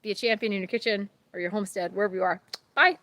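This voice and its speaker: A woman, chatting casually as a homesteading host on a livestream, rambling and warm-hearted. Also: medium pitch, rapid-fire, dry recording. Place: outdoors at night by a grill.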